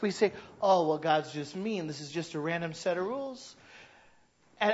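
A man in his thirties preaching a sermon, telling stories and acting out shouting parents. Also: sits high, dull audio. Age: 30s. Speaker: pastor.

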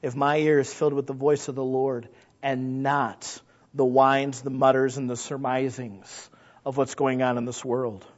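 A male pastor preaches unhurriedly in a mid-range voice with little pitch movement. He addresses his congregation conversationally and asks them questions often, rising from quiet asides to loud, emphatic exclamations; the recording is muffled and lo-fi.

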